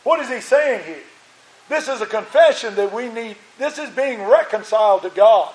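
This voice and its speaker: High-voiced preacher in an echoey church. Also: male voice, lively intonation, normal speed. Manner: preaching with rising emphasis and repeated phrases. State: strained voice. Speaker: pastor. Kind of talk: sermon. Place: church sanctuary.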